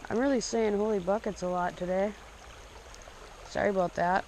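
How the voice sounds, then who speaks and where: A young man narrating his fishing trip casually outdoors, breaking into excited outbursts when he hooks a fish. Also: sits high, moderate pace, vocal fry, slight background noise. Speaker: fishing vlogger. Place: outdoors by a small stream. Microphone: action camera. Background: running stream water.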